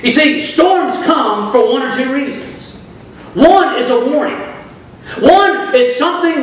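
A man's voice: extremely high pitch, a bit bright, a little hiss or hum. A man preaching a sermon as pastor, calling on the congregation to answer back and rising into bursts of emphasis. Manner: preaching with rising bursts and audience call-and-response. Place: church sanctuary. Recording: echoey church hall from far off.

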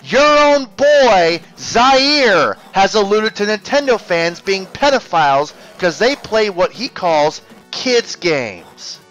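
A man's voice: high-pitched, animated, takes it slowly, few pauses, a bit bright, muffled recording, soft background music. A man narrating a combative, sarcastic exposé as a YouTube commentator.

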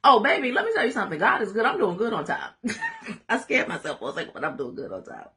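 A woman leading a live Bible study in a lively call-and-response preaching style, laughing and making asides to viewers. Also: medium pitch, quick pace.

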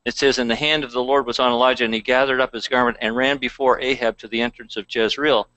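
A man's voice: mid-range voice, fairly even intonation, quick pace, pushed and bright, no echo, rough recording. A man pastor preaching a conversational sermon, reading scripture aloud between plain asides.

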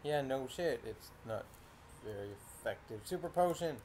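A man's voice: mid-range voice, expressive, moderate pace, darkish tone, a little hiss or hum. A young man casually commenting on his own gameplay, reacting aloud and swearing often. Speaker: gaming video host. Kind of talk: casual let's-play commentary.

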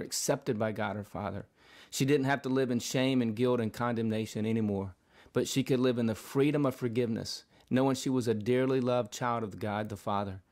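A man's voice: medium pitch, a little mellow. A man giving a daily devotional Bible teaching in a vlog, speaking earnestly with repeated phrases and occasional restarts. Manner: earnest, repetitive preaching cadence with restarts. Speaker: vlogger preacher.

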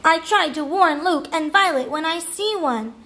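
A woman reading a children's book aloud, with expressive, animated delivery. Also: very high-pitched, normal speed. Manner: expressive, animated character voices. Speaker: storybook read-aloud narrator.

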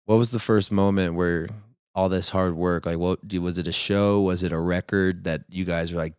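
A man hosting a podcast in casual chat, excitable, swearing and laughing, acting out quotes loudly. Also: low-pitched, moderate pace, clean tone, dry recording, studio quality. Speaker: podcast host.

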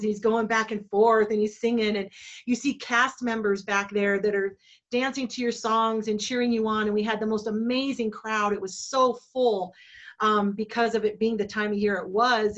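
A woman in her forties from Colorado, telling stories in a heartfelt, halting way and getting teary. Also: mid-range voice, a bit bright, lo-fi sound. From Colorado, USA. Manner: emotional, heartfelt, halting with restarts. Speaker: entertainment company owner. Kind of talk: reflective storytelling in a virtual talk. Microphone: video call.

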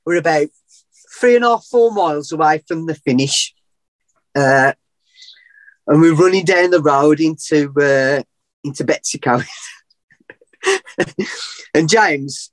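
A middle-aged man telling a long story as a podcast guest, animated and rambling, often laughing at himself. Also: a little high, no room sound. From England. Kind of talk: casual storytelling.

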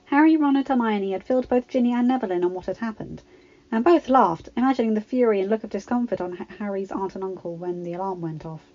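A woman reading a fan-written story aloud in a steady, plain storytelling manner. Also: mid-range voice, fast. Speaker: fanfiction reader. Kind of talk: audiobook narration. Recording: slightly dull home recording.

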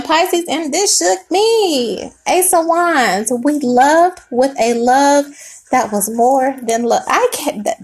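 High-voiced woman giving a tarot reading. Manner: emotional, swearing, talks to the viewer as baby and sweetheart. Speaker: tarot reader.

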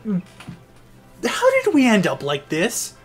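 An excitable, wisecracking gameplay commentator whose voice leaps around a wide, lively range. The delivery is casual and sarcastic, with frequent laughter. Faint game music plays underneath. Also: medium pitch, very slow. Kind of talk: casual let's-play commentary.

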